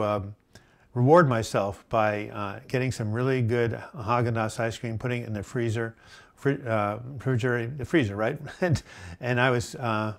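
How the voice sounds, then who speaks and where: Man hosting a live viewer Q&A. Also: medium pitch. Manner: chatty, reads viewer comments aloud and answers them; frequent fillers and restarts, gentle advice. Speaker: host answering viewer questions. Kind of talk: live chat Q&A.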